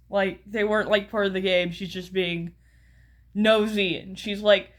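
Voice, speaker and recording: A woman's voice: mid-range voice, fairly even intonation, moderate pace. An American woman giving casual commentary as a YouTuber, rambling with many fillers and restarts, often chuckling. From United States.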